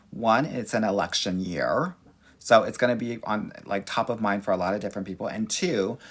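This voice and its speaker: A sassy, animated man from Los Angeles with a Valley accent, a dating coach answering viewer questions on a livestream. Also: fairly low pitch, slightly rough.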